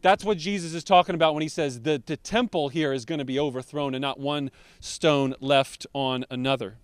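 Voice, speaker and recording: Pastor guy preaching, smooth clear voice, dry sound, drags out words for emphasis. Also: on the high side, steady tone, no room sound. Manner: emphatic, slows down to stress key words. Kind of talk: sermon.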